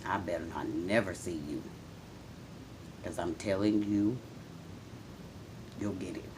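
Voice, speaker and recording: A woman's voice: a bass voice, takes it slowly, background noise. A woman speaking in a raw, emotional confessional monologue, swearing and venting, often talking straight to people who are not there. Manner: addresses absent people directly.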